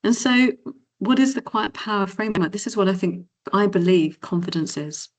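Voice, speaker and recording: A middle-aged woman giving a motivational keynote as a confidence coach, talking casually and acting out cheery inner voices. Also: moderate pace. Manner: animated, acts out inner voices in high cheery tones. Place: event hall or conference room.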